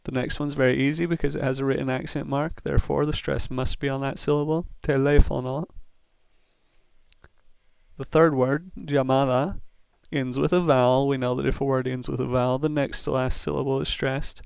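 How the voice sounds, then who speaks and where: Patient man teaching with a gravelly voice. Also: medium pitch, level tone, brisk, few pauses, a little mellow, no room sound. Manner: patient, methodical explaining. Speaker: Spanish teacher. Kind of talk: recorded classroom lesson.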